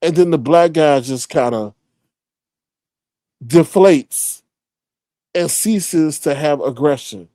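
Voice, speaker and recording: A man casually telling a story, animated, swearing freely and acting out the other people's voices. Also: a little high, slow pace, long pauses, no room sound, clean studio sound.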